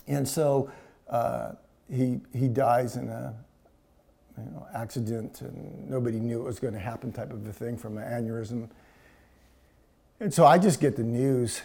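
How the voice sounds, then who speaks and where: Middle-aged male preacher, mellow and warm, hushed emotional storytelling. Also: medium pitch. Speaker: pastor. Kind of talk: sermon.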